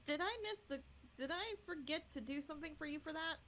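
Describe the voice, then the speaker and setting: A woman's voice: high-pitched, quick pace, a bit bright. A young woman in a casual podcast chat, chatty and apologetic, over a voice call.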